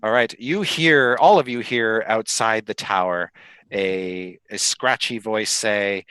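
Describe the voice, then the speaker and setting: A man narrating as dungeon master in a tabletop game, amused and lively. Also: on the low side, takes it slowly, clear, resonant tone, dry recording.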